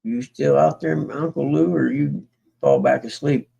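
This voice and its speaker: A man's voice: on the high side, measured pace, vocal fry, warm tone, slightly rough, dull audio. A man chatting casually with his livestream viewers, rambling in a folksy way and often trailing off and starting over. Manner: meandering, folksy, trails off and restarts. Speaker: livestream host.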